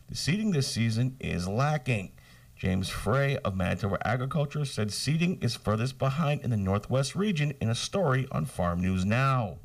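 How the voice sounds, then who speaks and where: A man reading scripted local radio news in a steady, measured way. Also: medium pitch, distant mic. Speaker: newsreader.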